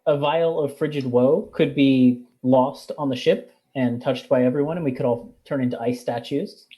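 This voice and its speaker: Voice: mid-range voice, moderate pace, mellow. A player in a tabletop game, chatting cheerfully and at length in character.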